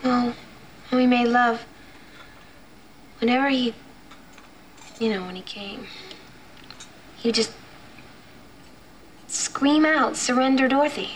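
An actress playing a young woman on a date who confides in halting bursts with nervous laughs, in a film scene. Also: fairly high pitch, slight background noise, poor audio. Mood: nervously amused. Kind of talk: film dialogue.

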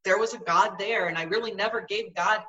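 A middle-aged woman telling a personal story in conversation, earnest and halting, often restarting her sentences. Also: mid-range voice, bright, forceful tone, far from the mic, lo-fi sound. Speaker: guest.

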